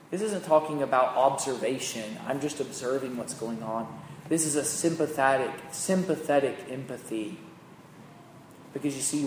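A man preaching a sermon, swinging from loud, emphatic peaks to hushed, slow phrases. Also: mid-range voice. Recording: echoey hall with long reverb, faint noise.

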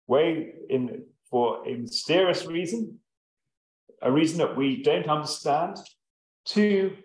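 Slow, measured preacher in an echoey hall. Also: male voice, fairly high pitch, darkish tone. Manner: slow, measured delivery with long pauses and occasional ums. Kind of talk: sermon reading scripture and expounding.

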